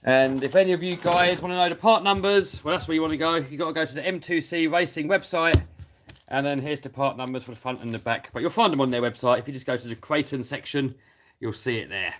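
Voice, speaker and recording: A man's voice: fairly high pitch, fast talker, fairly bright tone, slight background noise. A man with a British accent chatting on a live stream while he works on a radio-controlled car, reading out viewer comments and laughing easily. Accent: British English. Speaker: RC hobby YouTuber reading live chat.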